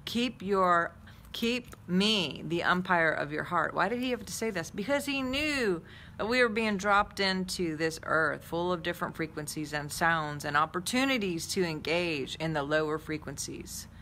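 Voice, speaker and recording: A woman's voice: fairly low pitch, normal speed, sharp tone, slight background noise. A woman giving a spiritual talk and leading a guided visualization, earnest and repetitive, lingering on key words. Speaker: spiritual teacher.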